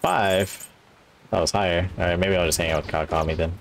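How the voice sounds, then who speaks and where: A man quietly thinking aloud as he plays a game, in casual commentary. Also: fairly even intonation, fairly quick, creaky, a little hiss or hum. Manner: low-key muttering, thinking aloud. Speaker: gamer.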